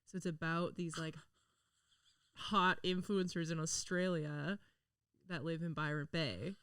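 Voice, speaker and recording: A chatty woman hosting a podcast, with a voice sitting a little low for a woman. She laughs often and slips into quick voices when she quotes people. The sound is dry and a bit distant from the mic. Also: steady tone, a bit bright, clean tone, dry recording. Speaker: podcast host. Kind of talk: casual chat.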